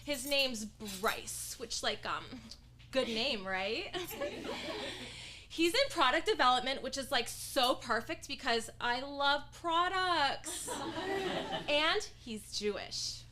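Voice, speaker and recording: A woman's voice: sits high, expressive, slow. An actress performing a stage comedy monologue as a chirpy young woman gushing about a date, giggly and chatty. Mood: bubbly. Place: acting studio stage before an audience. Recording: noticeable background noise.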